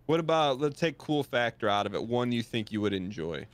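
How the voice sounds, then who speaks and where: A man's voice: medium pitch, very animated, a little fast. A man from Michigan chatting casually during a game stream, asking plenty of curious questions. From Michigan, USA. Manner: curious, asks lots of questions. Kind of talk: casual chat while gaming.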